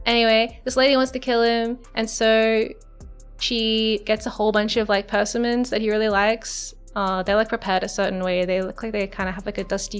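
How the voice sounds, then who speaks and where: Over soft background music, a young woman who streams as a virtual character rambles through a story in a casual live-stream chat, full of fillers and giggles. Her voice sits in the mid range and sounds clear and resonant.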